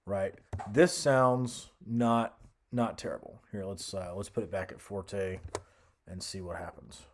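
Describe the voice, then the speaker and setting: A young man casually talking through a music software tutorial, thinking aloud with fillers and restarts. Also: on the low side, steady tone, a little slow, background noise. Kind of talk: screen-recorded software tutorial.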